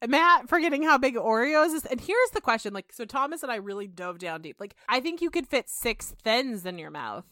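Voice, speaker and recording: A woman's voice: on the high side, animated, a little fast, hardly any pauses, bright, forceful tone, no room sound, clean studio sound. A young adult woman co-hosting a podcast in casual chat, rambling with lots of "like" and laughing. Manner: chatty, laughing, rambling with many "like"s. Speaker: podcast co-host.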